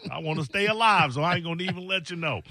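A man's voice: on the high side, racing, pushed and bright, no room sound, studio quality. A man hosting a talk show, bantering in a playful, mock-boastful way and laughing often. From Chicago. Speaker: show host. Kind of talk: joking radio-style banter.

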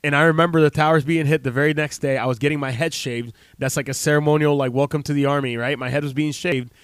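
A man's voice: fairly high pitch, fairly even intonation, quick pace, clean tone, no room sound. Man, late thirties, American-born health practitioner, rambling heartfelt talk, lots of fillers, dry close sound. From United States. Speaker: health practitioner speaking to camera. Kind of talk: casual unscripted monologue.

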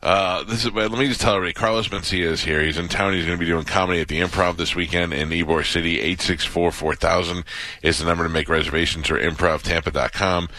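A man hosting a radio talk show, relaxed and agreeable in casual chat. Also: sits low, fast.

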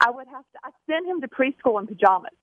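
A woman's voice: sits high, animated, fast, crowd noise. A woman calling into a radio show to tell a story about her young son. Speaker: caller. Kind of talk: phone-in story. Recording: tinny phone line.

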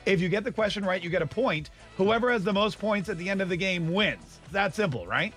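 Male morning radio host, high voice, rapid playful delivery, faint music under him. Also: expressive, fairly bright tone. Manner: joking, playful, quick-talking. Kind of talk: casual radio banter and quiz hosting.

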